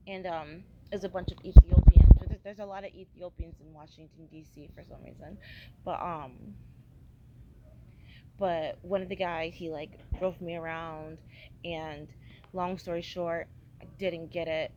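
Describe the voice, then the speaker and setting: A woman's voice: on the low side, steady tone, unhurried, warm tone, highs cut off, a little hiss or hum. A young woman vlogging a casual travel diary, tired and hungover, rambling with lots of fillers and scolding herself. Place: airport waiting area.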